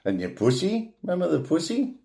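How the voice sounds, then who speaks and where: Blunt Australian man, mellow voice. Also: on the high side, wildly swooping pitch, fairly quick, vocal fry. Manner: blunt, opinionated, with frequent swearing and restarts. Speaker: vlogger. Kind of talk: rambling monologue.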